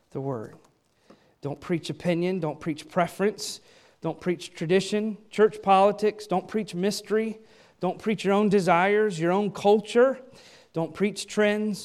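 A man's voice: high-pitched, darkish tone. A man preaching a sermon as a pastor, reading scripture aloud and asking and answering his own questions with emphasis.

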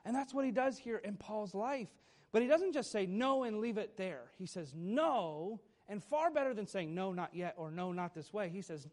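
A man's voice: high-pitched, normal speed. A man in his thirties preaching a sermon as pastor, telling family stories with sudden emphatic bursts.

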